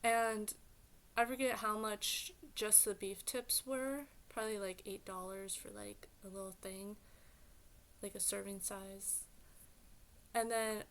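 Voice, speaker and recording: A woman's voice: medium pitch, slow. A woman vlogger telling a story in a casual, rambling way, full of fillers and exasperated asides. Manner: rambling, filler-heavy retelling with many "like"s; exasperated, animated venting.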